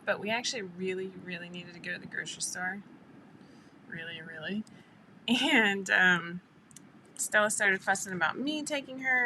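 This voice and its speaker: A woman's voice: medium pitch, bright, forceful tone, slight background noise, poor audio. A woman hosting a casual live stream who rambles chattily and greets her viewers by name. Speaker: live stream host for a sewing pattern company.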